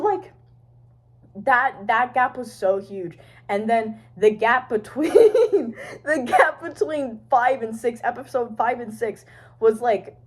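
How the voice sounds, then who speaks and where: Husky rambling woman vlogger. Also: on the high side. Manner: rambling, swears, trails off, laughs often. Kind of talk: rambling casual fan chat. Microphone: phone camera.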